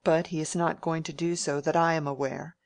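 A woman reading an audiobook and voicing a frank, dry-witted young woman in close to her own low voice. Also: level tone, fairly quick, dry recording. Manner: dry and blunt.

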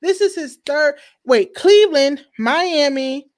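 Brief: woman host, casual slangy commentary, a bit high, lively and opinionated. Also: slow. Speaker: show host.

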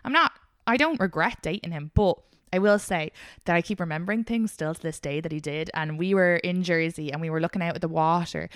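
A young woman co-hosting a podcast, telling candid dating stories in a frank, animated way and laughing often. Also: on the low side, fairly quick, smooth, no echo, clean studio sound. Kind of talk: candid casual chat.

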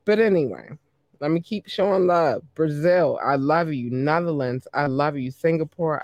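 A man hosting a podcast in a casual, chatty way, giving shout-outs to his listeners and laughing easily. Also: on the high side, moderate pace, dry recording. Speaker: podcast host premiering music.

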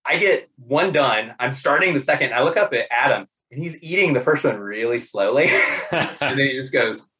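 A man in casual conversation, telling funny work stories in an animated way, laughing often, with many fillers and restarts. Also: mid-range voice, moderate pace, a little hiss or hum, poor audio. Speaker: podcast guest. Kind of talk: casual storytelling.

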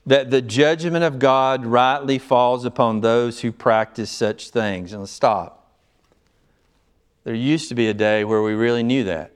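A male pastor teaches a small group through a Bible passage. His voice is smooth and resonant at an average pitch. He talks earnestly and with emphasis, stopping often to ask the group whether they follow.

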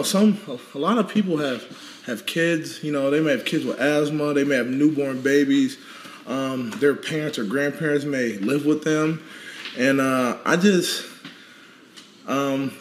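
A man's voice: mid-range voice, roomy sound, slight background noise. A man, a guest athlete, chatting casually on a live stream from home, playfully coaxing his dogs. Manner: playful, calls and coaxes his dogs in rising tones.

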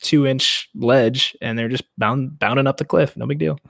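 A young man co-hosting a podcast, chiming in with quick, relaxed remarks during a casual book discussion. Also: medium pitch, vocal fry, no room sound, studio quality. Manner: affirming listener, adds quick relaxed remarks. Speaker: podcast co-host.

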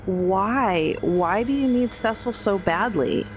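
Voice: medium pitch, animated, slow pace, slight background noise. A player role-playing their character in a tabletop game, argumentative and defiant.

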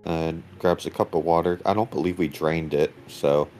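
A man with a very deep voice taking part in a tabletop game. He calmly states what his character does, and soft music plays faintly underneath. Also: normal speed. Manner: plainly describing his character's actions. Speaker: player.

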